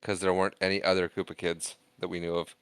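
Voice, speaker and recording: A low-sitting man's voice, quick and completely flat in delivery yet smooth and a bit bright, co-hosts a casual movie podcast. He laughs often, is self-deprecating and reads the credits aloud on a dry recording.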